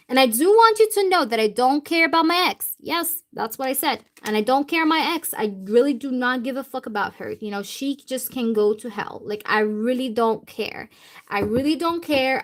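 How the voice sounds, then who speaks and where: A woman's voice: fairly high pitch, fairly bright tone. A woman tarot reader speaking channeled messages in the first person, repetitive and emphatic, with casual swearing.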